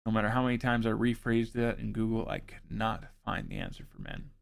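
A man's voice: on the low side, steady tone, brisk, creaky. Man reading notes with wry asides. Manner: wry, joking asides between read facts. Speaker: show host.

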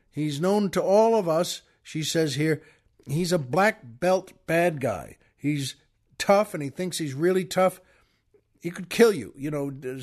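A man hosting a podcast, telling a long story in a folksy, chatty way and talking straight to his listeners. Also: sits high. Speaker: podcast host. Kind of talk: storytelling monologue.

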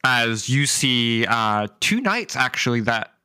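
A man running a tabletop game as game master, describing scenes in an unhurried way with frequent fillers. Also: medium pitch, sing-song, sharp tone, clear, resonant tone, no echo, clean studio sound.

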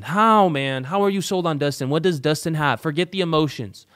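A man hosting a casual sports talk show, animated and profane, swinging from loud outbursts to low muttered asides. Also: fairly quick, few pauses, clear, resonant tone. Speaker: show host.

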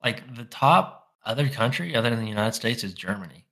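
Bright-voiced young Southern guy, teasing. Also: mid-range voice, fairly quick. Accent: Southern US, Arkansas. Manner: teasing, deadpan jokes. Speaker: podcast co-host. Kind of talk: casual chat.

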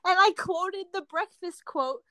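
A young adult woman co-hosting a casual chat with friends, telling stories in an animated way and laughing often. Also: very high voice, unhurried, dry recording. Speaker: co-host.

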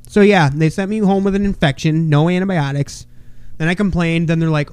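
A young man co-hosting a casual podcast, hoarse from a tooth infection, loud, excitable and swearing a lot. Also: a little high, fast talker, dry recording. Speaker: podcast co-host. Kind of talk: casual profane chat.

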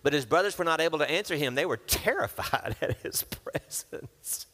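A man's voice: fairly high pitch, expressive, moderate pace, sharp tone. A man preaching a sermon, reading scripture and breaking into casual asides where he acts out the characters. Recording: long hall reverb.

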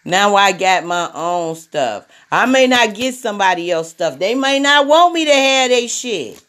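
A woman hosting a podcast in a casual monologue, blunt and profane, repeating herself. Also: medium pitch. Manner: blunt and profane, with many repetitions. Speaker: podcast host.

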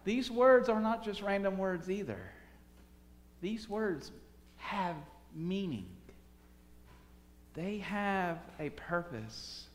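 A man preaching a sermon, swinging from soft, quiet phrases to loud, urgent calls. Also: high-pitched, animated, slow, pauses often, big-room sound, a little hiss or hum. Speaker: pastor.

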